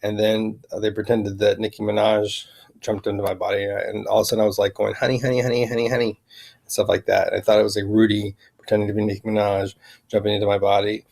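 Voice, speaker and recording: A man vlogging a rambling personal account, halting and full of fillers and restarts. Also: on the low side, completely flat delivery, creaky, a little mellow.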